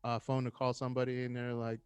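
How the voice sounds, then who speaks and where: A man's voice: mid-range voice, fast, clear, resonant tone, no echo. Man telling a story in a dry room. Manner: animated storyteller acting out quoted voices. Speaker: guest, firefighter. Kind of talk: casual storytelling chat.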